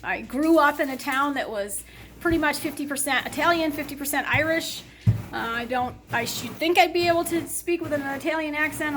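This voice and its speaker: A woman's voice: sits high, fairly bright tone, a little hiss or hum. A middle-aged woman hosting a casual home cooking demonstration in her kitchen. She rambles chattily through asides and laughs often. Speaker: home cooking show host.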